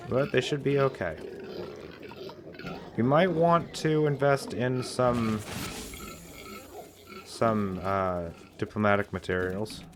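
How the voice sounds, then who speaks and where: A man's voice: mid-range voice, slow pace, long pauses, noisy background. A man giving casual, rambling let's-play commentary in a playful way, often restarting his sentences. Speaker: gameplay commentator.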